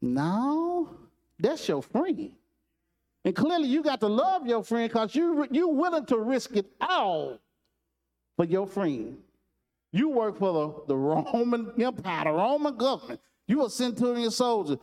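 A male preacher speaks in an unusually high voice, preaching in a loose, conversational storytelling style. He repeats phrases and addresses the congregation directly as he builds his points. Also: sing-song, unhurried, darkish tone. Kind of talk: sermon.

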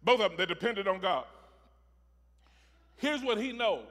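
A man preaching a sermon, repeating phrases rhythmically and building from soft talk to shouting. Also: high-pitched, animated, moderate pace, long reverb tail.

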